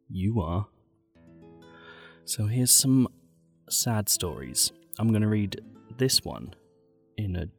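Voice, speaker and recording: A man's voice: low-pitched, gravelly. A man hosting a podcast, reading out listener stories with dry, mock-gloomy asides. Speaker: podcast host.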